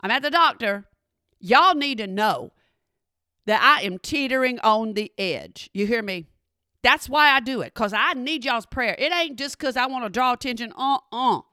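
Animated high-voiced middle-aged woman. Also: normal speed, dry recording, studio quality. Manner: animated, dramatic, talks straight to the audience. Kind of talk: casual storytelling to followers.

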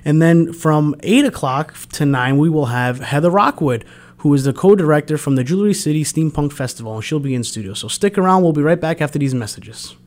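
A man's voice: on the high side, fairly quick, a little mellow. A man hosting a local radio show, chatting casually between songs with many fillers and restarts. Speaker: radio host. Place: radio studio.

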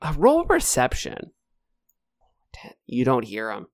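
Man as dungeon master, lively, jokey, mid-pitched, dry close recording. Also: no room sound. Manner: lively, jokey, slips into quick bursts. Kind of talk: running a tabletop game.

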